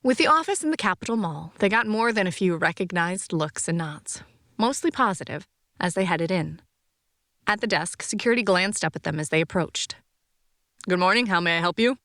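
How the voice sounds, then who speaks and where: A woman reading a science fiction audiobook in an even, measured narration. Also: lowish voice, dry recording, clean studio sound.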